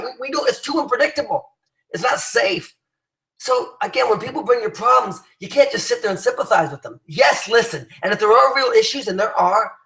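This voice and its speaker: A man's voice: sits high, creaky, a bit bright. Man, motivational talk, emphatic and rallying, roomy echo. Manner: emphatic, rallying, full of fillers and restarts. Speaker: business leader addressing his team.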